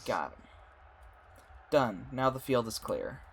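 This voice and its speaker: A man's voice: mid-range voice, animated, slow pace. Guy doing a lets play, mild earnest voice, talks to himself, faint hum behind. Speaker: gaming streamer. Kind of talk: let's-play narration and character reading.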